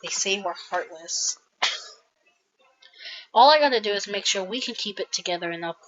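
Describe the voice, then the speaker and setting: A woman voicing a weary male community organizer who talks haltingly and trails off, on a dull, dry recording. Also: medium pitch, a bit bright, close to an everyday voice. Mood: sad.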